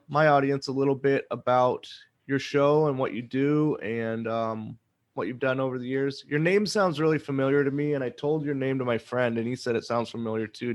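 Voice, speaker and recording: A man hosting a podcast, chatting casually and rambling with frequent self-corrections. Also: medium pitch. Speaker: podcast host. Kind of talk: casual chat. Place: Oregon.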